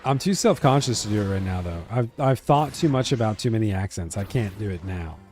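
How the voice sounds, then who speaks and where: A man's voice: lowish voice, animated, fairly quick, a little mellow. Male streamer, casual and chatty, talking to chat over faint game music. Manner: chatty, answers chat, hesitant restarts.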